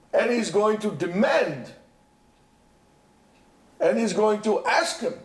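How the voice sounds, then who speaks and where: Animated man teaching with passion. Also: high-pitched. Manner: impassioned, repeats himself with many restarts. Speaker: yeshiva teacher. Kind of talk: Torah lesson. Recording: echoey room.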